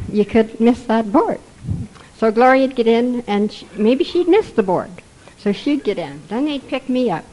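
A woman's voice: on the high side, poor audio. An older woman from Canada telling humorous recovery stories to a group, chuckling through her anecdotes. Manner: chuckling, anecdotal, with quoted voices. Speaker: speaker sharing recovery stories. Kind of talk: storytelling to a group.

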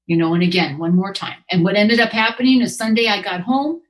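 A woman's voice: medium pitch, brisk. An older woman, a new grandmother, giving a candid, rambling, self-mocking personal share at a recovery meeting, full of fillers and restarts. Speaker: speaker sharing at a recovery meeting.

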